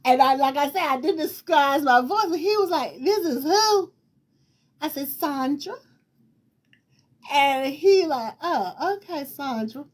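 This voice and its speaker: Telling a personal story, a high-voiced host with a distinctive sound speaks in an unhurried yet casual, lively manner. Her account drifts and circles back, full of repetition, laughter, and quoted dialogue she acts out.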